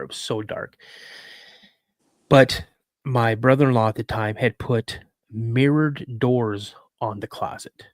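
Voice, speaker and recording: An earnest man recounting a personal experience, halting and restarting as he holds back his emotions. His voice sits in an ordinary middle register. The recording is close and dry, with no echo. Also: medium pitch. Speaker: guest telling a personal story.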